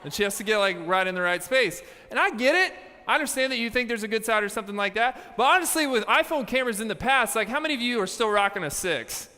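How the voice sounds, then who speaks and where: A young man giving a youth camp sermon, telling stories with playful asides and lively energy. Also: high-pitched, fast talker, few pauses, long reverb tail, a faint crowd. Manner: animated storytelling with playful asides. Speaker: youth pastor. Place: large hall with a live audience.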